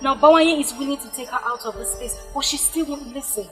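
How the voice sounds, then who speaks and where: A woman's voice: sits high, fast, over music, natural voice. A woman playing a desperate pleading woman. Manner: pleading, urgent. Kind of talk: Nollywood film acting.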